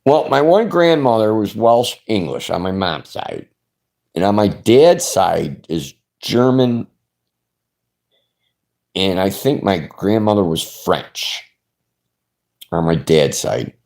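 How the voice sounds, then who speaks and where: A man's voice: lowish voice, lively intonation, slow pace, creaky, long pauses, a little mellow. A man hosting his own channel, chatting casually in a rambling, laid-back way with frequent restarts. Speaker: channel host. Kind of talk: casual chat.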